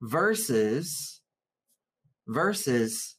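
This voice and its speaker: A man who is a therapist, teaching a live webinar in an earnest, animated way, sometimes getting worked up and repeating words. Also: on the high side, a little slow. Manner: reads viewer comments aloud.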